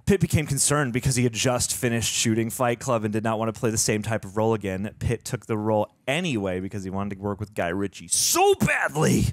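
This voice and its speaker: Chatty man with a low voice. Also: very animated, fairly quick, few pauses, no room sound. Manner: chatty, reads trivia aloud, frequent fillers and restarts. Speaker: movie reaction co-host. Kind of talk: casual movie discussion.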